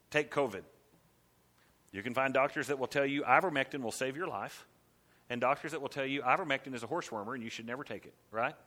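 A man's voice: a little high, pushed and bright. A man preaching a conversational sermon as a pastor, emphatic and acting out quotes in his talk.

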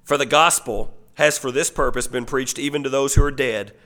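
A man preaching a sermon, reading scripture aloud and swinging from loud, emphatic declarations to hushed asides. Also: medium pitch, normal speed. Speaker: pastor.

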